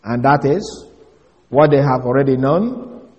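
A man teaching a Bible passage as an expository sermon, speaking deliberately and emphatically and repeating key phrases. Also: medium pitch, lively intonation, a little mellow. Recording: long hall reverb.

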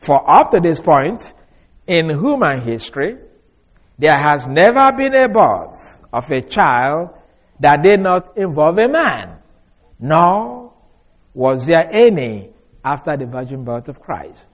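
A man's voice: fairly high pitch, big pitch swings, slow pace. Emphatic male Bible teacher, dynamic delivery. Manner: emphatic, stretches key words, swings from loud to soft; repeats and restarts phrases. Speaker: preacher.

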